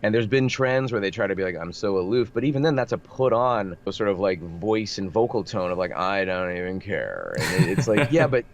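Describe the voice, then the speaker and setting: A voice actor guest chats animatedly in a casual interview, his on-the-low-side, slightly nasal voice moving a little fast with few pauses and many restarts. The remote audio is dull and lo-fi with faint noise.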